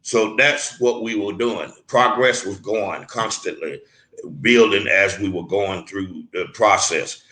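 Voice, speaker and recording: A man's voice: on the low side, slow, bright, forceful tone, echoey room, low-quality recording. A man interviewed as a mentor, talking earnestly and emphatically, often restarting and repeating words. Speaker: guest mentor.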